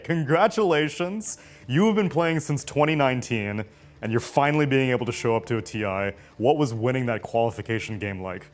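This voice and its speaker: Upbeat male esports interviewer. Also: medium pitch. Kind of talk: player interview.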